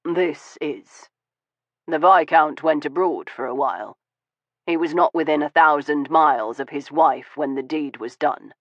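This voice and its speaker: A man voicing a weary, bitter Victorian gentleman. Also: on the high side, measured pace, no room sound. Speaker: audiobook voice of a male character. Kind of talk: audiobook dialogue reading. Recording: dull, dry studio audio.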